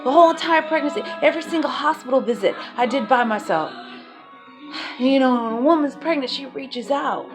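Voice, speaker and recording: Woman, raw and emotional storyteller, rambles and swears, slightly high voice, soft music underneath. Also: normal speed. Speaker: mother telling her life story.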